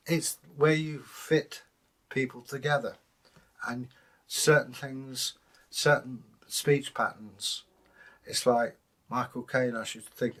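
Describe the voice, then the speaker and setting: A middle-aged English man co-hosting a casual chat, telling anecdotes and slipping into quick impressions of other voices. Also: mid-range voice, a bit bright. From England. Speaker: co-host.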